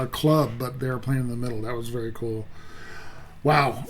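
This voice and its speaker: A man hosting a music reaction video, talking casually and earnestly, often stumbling, repeating and restarting his words. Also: mid-range voice. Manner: earnest and openly heartfelt.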